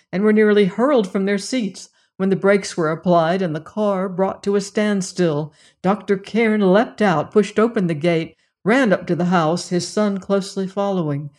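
A narrator reading a classic mystery novel aloud in measured, dramatic storytelling. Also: mid-range voice, a little mellow. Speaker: audiobook narrator. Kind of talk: scripted narration.

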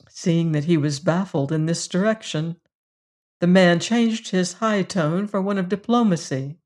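Measured audiobook narrator, unhurried, mid-pitched. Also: darkish tone. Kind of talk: scripted narration of a classic novel.

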